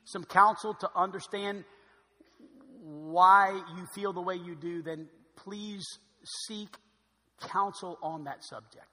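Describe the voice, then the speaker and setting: A man preaching a sermon as pastor, swinging between loud emphatic stretches and quiet asides. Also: high-pitched, fairly even intonation, takes it slowly. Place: church sanctuary. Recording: long hall reverb.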